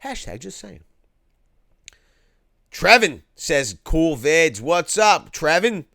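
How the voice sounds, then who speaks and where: A man's voice: a little high, very animated, slow, gravelly, pushed and bright, no room sound, clean studio sound. A man from Philadelphia hosting a livestream, reading out viewer chat in a casual, slangy way. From Philadelphia, USA. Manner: laid-back, slangy, says "cuz" and "yo". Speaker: host reading live chat.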